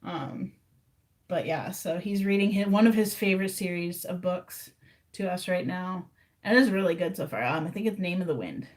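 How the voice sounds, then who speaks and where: Female streamer, relaxed rambling chat with viewers from her room. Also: lowish voice, moderate pace. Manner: rambling, chatty, talks to viewers directly. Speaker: livestreamer. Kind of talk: casual livestream chat.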